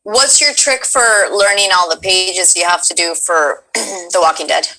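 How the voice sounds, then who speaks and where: A voice actress chatting casually and playfully, asking another actor questions. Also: female voice, fairly low pitch, a little slow, pushed and bright, low-quality recording. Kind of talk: casual chat.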